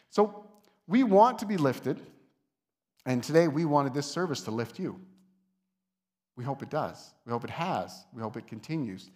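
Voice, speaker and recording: Conversational man preaching a sermon. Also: mid-range voice. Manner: conversational, with soft asides and lifted emphasis. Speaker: lead pastor. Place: church sanctuary.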